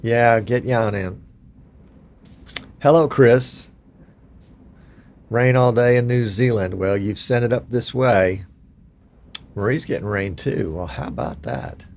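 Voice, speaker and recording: A man's voice: medium pitch, takes it slowly, gravelly, pauses often, a little mellow. A man in his sixties, from Virginia, hosting a casual live stream and chatting with viewers in a folksy, chatty, self-deprecating way.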